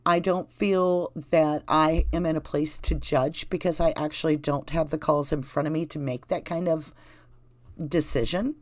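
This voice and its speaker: A woman with a Southern US accent hosts a livestream, reading the live chat and rambling casually straight to her viewers. Her voice sits lowish, and there's no room sound.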